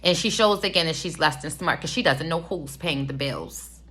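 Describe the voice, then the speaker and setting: 30s woman rambling thru a reality tv recap, bright forward voice, lots of "like". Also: deep voice, moderate pace. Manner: chatty, rambling with many fillers. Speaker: reality TV reviewer. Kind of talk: casual commentary.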